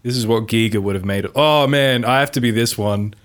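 A man's voice: medium pitch, fairly quick. Blunt, matter-of-fact male co-host. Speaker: podcast co-host. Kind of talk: casual crude comedy podcast banter.

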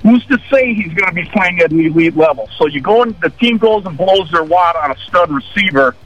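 A man's voice: sits high, lively intonation, brisk, a bit bright. A man calling in to a sports radio show, giving a blunt opinion. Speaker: caller. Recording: dull call-in line with faint music.

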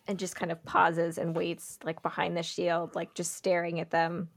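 A woman's voice: on the low side, vocal fry, dry recording. A woman playing a tabletop game, chatting casually with jokes and swearing. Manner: casual, joking, swears freely. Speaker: player. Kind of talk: casual tabletop play chat.

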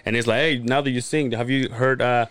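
A man's voice: medium pitch, steady tone, fairly quick, fairly bright tone, clear, resonant tone, no room sound. A man hosting a podcast, telling stories in casual chat, swearing a lot and acting out what people said. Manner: storytelling with lots of profanity, restarts and acted-out quotes. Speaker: podcast host.

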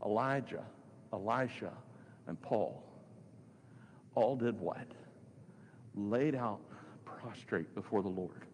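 A man's voice: fairly low pitch, slow, long pauses. A man preaching a sermon, stressing his points by repeating phrases. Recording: long hall reverb with faint noise.

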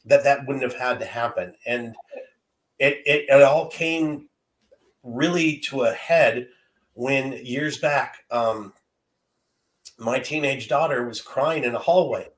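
A man's voice: mid-range voice, slow. A man in his fifties telling a heartfelt personal story as a guest, earnest and often repeating words as he gathers his thoughts. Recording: roomy echo.

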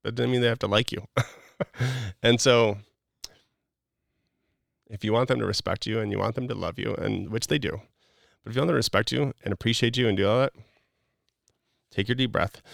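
A man with a low, gravelly voice coaches a guest in a relaxed talk, blunt and profane, slipping into quick acted-out quotes. The sound is dry and close, with no room around it. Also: no echo. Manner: blunt, coaching, swears casually, acts out quotes. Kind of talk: casual advice chat.

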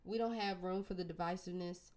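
A woman hosting a podcast, speaking in an earnest, measured way. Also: fairly low pitch, steady tone, darkish tone. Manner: earnest, measured, wraps up episodes. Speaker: podcast host. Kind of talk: casual podcast chat.

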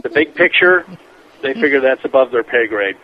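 A man being interviewed as a scientist guest on a radio show, telling stories in a rambling, animated way with many restarts. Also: medium pitch, normal speed. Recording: dull lo-fi radio broadcast with faint noise.

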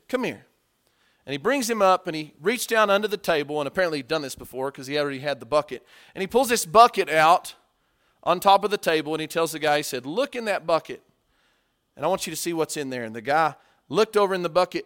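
Male preacher, higher pitch, sermon with dramatic loud-soft swings. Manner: swings from hushed to loud, acts out story voices.

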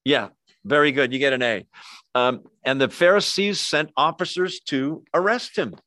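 Man, sermon, conversational, animated storytelling, dry sound. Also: on the high side, no echo. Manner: conversational, animated storytelling with quick asides to the congregation. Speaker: pastor.

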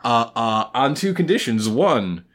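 Podcast co-host, male, wry and quippy, animated pitch, casual recap talk. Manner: wry, jokey asides with quick quips.

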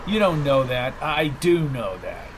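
A man's voice: medium pitch, big pitch swings, a little slow, a little hiss or hum, poor audio. A man voicing a determined man racing to stop a killing, speaking in an urgent, clipped way. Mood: tense.

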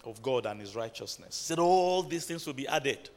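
A man's voice: medium pitch, lively intonation, moderate pace, hardly any pauses. A man preaching a sermon in a church, building to emphatic bursts and calling out to the congregation. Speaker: pastor.

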